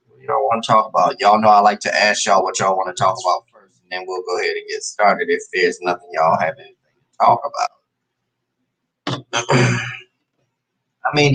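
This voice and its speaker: A man's voice: medium pitch, gravelly, fairly bright tone, rough recording. A man hosting a casual livestream, chatting loosely with viewers and calling them "y'all". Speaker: host of a live stream show.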